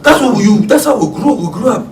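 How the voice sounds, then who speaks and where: Congolese male pastor, sermon, animated storyteller, slightly high voice, far mic in a reverberant room. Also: brisk. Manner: storytelling, acts out family scenes with loud excited shouts and laughter. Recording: echoey room, distant mic, faint background hiss.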